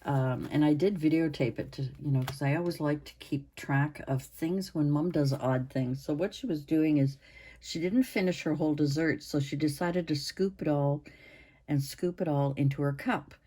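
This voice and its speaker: A woman in her sixties hosting her own channel, chatting to camera in a rambling way with pauses and restarts, her voice hoarse and interrupted by coughs. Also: deep voice, mellow. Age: 60s. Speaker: channel host. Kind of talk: casual chat to camera.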